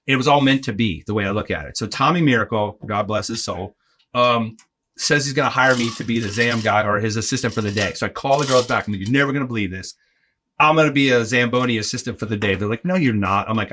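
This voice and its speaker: A bright, forceful man's voice, middle-aged, spinning a story for a podcast host. He jumps into the voices of the people in his tale and keeps checking in with "right?" as he goes. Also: medium pitch, a little fast, a little hiss or hum. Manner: animated, acts out quoted voices, lots of "like" and "right?". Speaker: podcast guest, arena in-game host. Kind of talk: casual anecdote telling.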